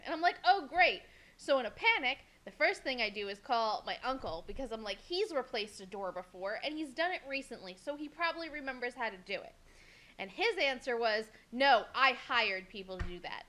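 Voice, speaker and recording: A young woman co-hosting a podcast, telling a story in a casual, animated way, swearing freely and acting out what people said. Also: high-pitched. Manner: animated, swears a lot, acts out quotes. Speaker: podcast co-host.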